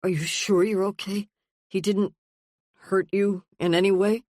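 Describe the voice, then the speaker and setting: A woman's voice: mid-range voice, fairly even intonation, a little slow, darkish tone, no echo, studio quality, lightly acted. A woman reading a worried, relieved middle-aged father in an audiobook, firing off urgent questions. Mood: anxious questioning.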